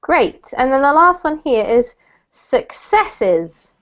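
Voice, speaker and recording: A woman's voice: sits high, expressive, moderate pace, a bit bright, muffled recording. A woman teaching an English lesson, patiently explaining meanings and word stress to her students. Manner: patient, explains pronunciation step by step. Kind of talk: online language lesson.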